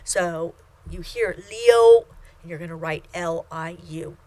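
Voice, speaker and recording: Lecturing woman with a low voice. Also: level tone, no room sound. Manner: explanatory, with frequent fillers and restarts, models sounds slowly. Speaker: Chinese language instructor. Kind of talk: recorded lecture.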